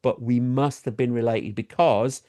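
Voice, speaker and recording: A middle-aged Englishman co-hosting a talk show tells a story casually at a moderate pace, with a steady, dark tone. He voices the people he quotes in a high register.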